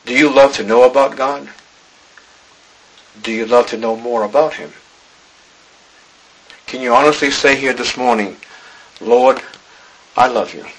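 Bright-voiced preacher man, pleading. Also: mid-range voice, fairly even intonation, moderate pace, pauses often, slightly rough, rough recording. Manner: pleading, rising to emphatic exhortation. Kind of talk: sermon.

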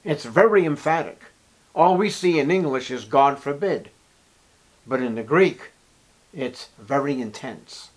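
Male pastor, sermon delivery, emphatic, fairly high-pitched. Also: lively intonation, unhurried. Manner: emphatic preaching that swings between loud and hushed; reads scripture aloud.

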